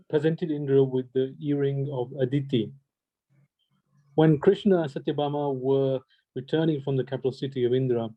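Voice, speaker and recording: A man reads a scripture passage aloud to a group at a steady, careful pace. His voice sits in an ordinary middle pitch. The audio sounds dull and muffled, like a lo-fi recording.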